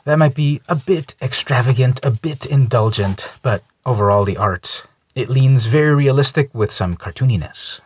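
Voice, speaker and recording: Husky-voiced man casually reviewing comics. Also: mid-range voice, normal speed. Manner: relaxed, conversational, lightly opinionated.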